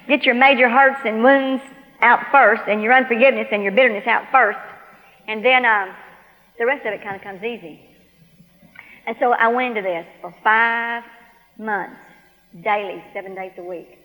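A woman's voice: on the high side, a bit bright, long reverb tail, poor audio. A woman preaching a testimony sermon, telling her story with animation and acting out both sides of the conversation.

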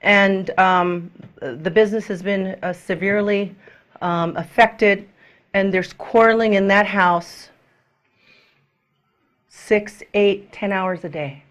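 A middle-aged woman minister preaches to her congregation with animation, acting out quoted people and sometimes dropping to a soft whisper. Her voice is medium-pitched and slow, with long pauses.

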